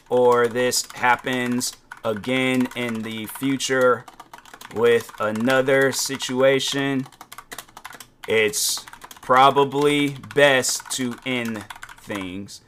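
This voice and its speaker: A man hosting a casual relationship advice podcast, rambling and animated, often restarting and correcting himself as he spins a playful, petty story. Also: medium pitch, drawn-out words, slight background noise. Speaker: podcast host.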